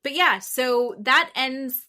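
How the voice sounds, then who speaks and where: A woman co-hosting a casual podcast recap, animated and swearing freely as she acts out quotes. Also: high-pitched, takes it slowly. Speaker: podcast co-host.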